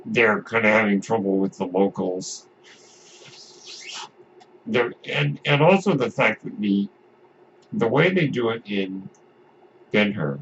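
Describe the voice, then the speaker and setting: This podcast host has a fairly low, creaky voice. He wanders through casual talk about movies, often restarting sentences and drifting into asides, recorded in dull lo-fi audio with a faint noise underneath.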